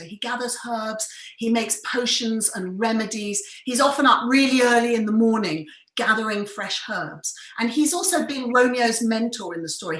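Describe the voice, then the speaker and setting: A woman theatre director who leads a workshop and tells the story with enthusiasm and expressive examples. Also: fairly high pitch. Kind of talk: storytelling lesson. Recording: roomy echo.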